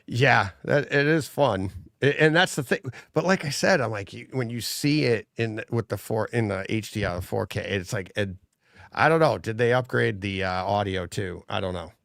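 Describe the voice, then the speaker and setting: A man co-hosting a casual home theater chat show, animated, often laughing and acting out lines from movies. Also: fairly low pitch, normal speed, vocal fry, no room sound, studio quality. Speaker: co-host.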